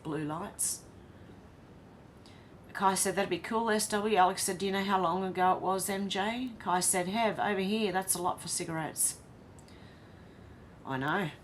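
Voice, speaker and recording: Lower-voiced Australian woman live-streaming. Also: slight background noise. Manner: reads viewer comments aloud, then chats back casually. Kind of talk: casual live-stream chat.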